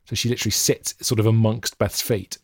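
A man's voice: on the low side, level tone, a little fast, breathy edge, no room sound, clean studio sound. A man in his thirties, a podcast co-host, telling rambling, self-mocking stories from home. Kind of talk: casual chat. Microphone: USB podcast mic with headphones.

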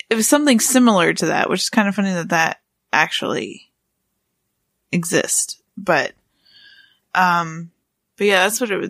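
A woman with a bright, fry-edged voice chats on a podcast, her talk full of fillers. The sound is dry and close. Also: fairly low pitch, dry recording. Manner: filler-heavy, giggly, chatty. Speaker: podcast co-host. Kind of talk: casual chat.

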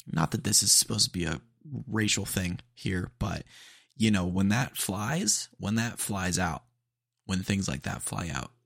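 A man's voice: low-pitched, vocal fry, fairly bright tone, dry recording, studio quality. A man hosting a podcast, chatting casually and rambling with lots of fillers and laid-back slang. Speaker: podcast host.

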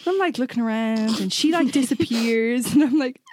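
A woman's voice: a little high, normal speed, a little mellow. A young woman co-hosting a podcast, telling chatty anecdotes in casual talk and laughing often. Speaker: podcast co-host. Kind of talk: casual chat.

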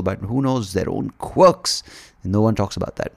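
Rambling, joking man with a gravelly voice. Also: on the low side, moderate pace. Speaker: podcast guest. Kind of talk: comic storytelling monologue.

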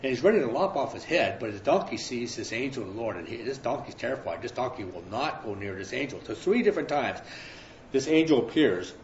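A man's voice: medium pitch, expressive, fairly quick, slight background noise. A man preaching a sermon, retelling a scripture story in a loose, conversational way with slang asides. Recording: roomy, dull sound.

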